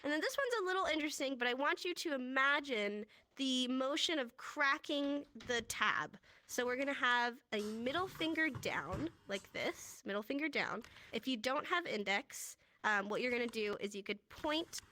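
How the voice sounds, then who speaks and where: A woman's voice: high voice, expressive, moderate pace, sharp tone. A woman teaching a casual sign language class in a virtual classroom, upbeat and chatty, laughing often as she walks learners through hand motions.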